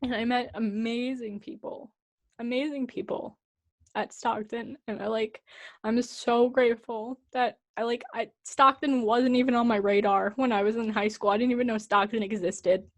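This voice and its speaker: A woman's voice: fairly high pitch, fairly even intonation, moderate pace. A young woman in her twenties co-hosting a podcast, talking casually and reflectively, getting teary and laughing through it. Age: 20s. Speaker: podcast co-host.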